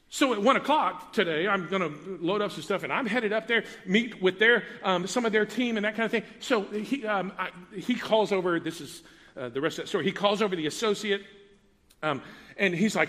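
A man's voice: high-pitched, fairly quick, a bit bright. A man preaching a sermon as pastor, talking conversationally and turning to ask the congregation questions. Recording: preached in a reverberant church hall.

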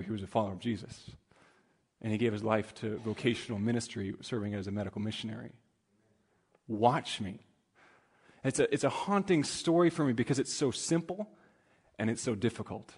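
A man preaching in a relaxed, conversational manner and telling a story with plenty of restarts. His voice sits in the middle range and carries a long hall reverb. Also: medium pitch. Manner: conversational, frequent fillers and restarts. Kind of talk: sermon with personal storytelling.

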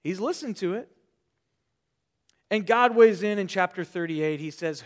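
High-voiced man preaching earnestly. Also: lively intonation, fairly quick, long pauses. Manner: earnest, shifts between loud emphasis and quiet trailing phrases; repeats words when restarting. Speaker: pastor. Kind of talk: sermon.

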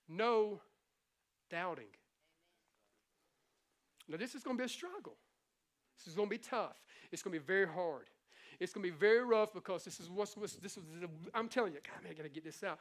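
High-voiced animated male preacher. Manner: animated, conversational preaching with playful impressions. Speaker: pastor. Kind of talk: sermon.

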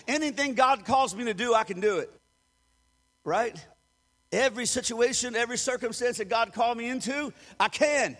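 A male pastor with a very high-pitched voice preaches with emphasis, pausing for the congregation to repeat phrases back to him. His voice rings out with a long reverb trailing behind each phrase, as in a large hall. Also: fairly bright tone. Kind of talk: sermon.

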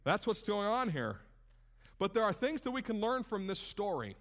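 Animated, chatty preacher, higher voice. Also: male voice, normal speed. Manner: conversational, animated preaching with asides. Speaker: pastor. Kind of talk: sermon.

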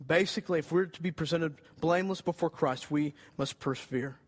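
A man's voice: fairly high pitch, a little fast, few pauses. A man preaching a sermon in an earnest, conversational way, rising for emphasis. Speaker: pastor.

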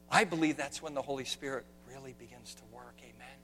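A man preaching a sermon, swinging from hushed, quiet lines to loud, shouted ones. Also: medium pitch, fairly quick, few pauses. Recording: long reverb of a hall, faint hum.

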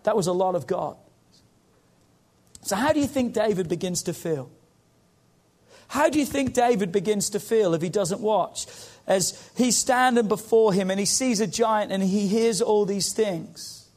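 High-voiced man preaching a sermon. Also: a little mellow. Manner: impassioned, rising and falling preaching with call-outs. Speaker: pastor.

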